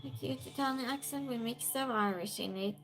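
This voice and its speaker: A woman's voice: on the high side, fairly quick, faint music behind. A woman from Sweden, hosting a casual livestream, chatting, laughing often and reading viewer comments aloud. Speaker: streamer host.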